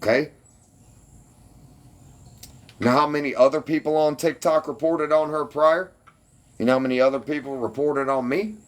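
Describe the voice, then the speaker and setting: A man's voice: on the high side, normal speed, long pauses. A man ranting defensively and with heavy profanity at his livestream commenters.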